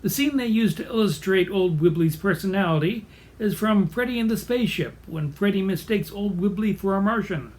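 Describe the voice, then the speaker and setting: A man's voice: high-pitched, expressive, normal speed. A man giving a scripted, bookish video presentation in a wry, lightly amused manner. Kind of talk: scripted video essay narration.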